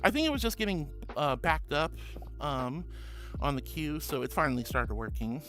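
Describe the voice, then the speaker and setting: A woman's voice: low-pitched, lively intonation, normal speed, fairly bright tone. Bubbly, giggly woman streamer. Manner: bubbly, giggly, calls viewers honey and sweetie. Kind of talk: casual live-stream chat.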